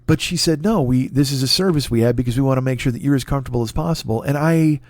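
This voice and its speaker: A man's voice: medium pitch, fast, darkish tone, dry recording, studio quality. A man in his forties hosting a podcast, telling a personal story in a rambling, profane, self-deprecating way with many restarts. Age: 40s. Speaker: podcast host. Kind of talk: casual solo storytelling.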